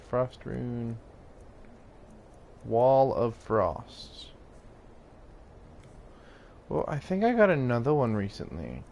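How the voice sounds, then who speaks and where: A man's voice: mid-range voice, vocal fry, darkish tone, a little hiss or hum. A man giving rambling, casual commentary while playing a video game, laughing often and swearing now and then. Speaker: gaming YouTuber.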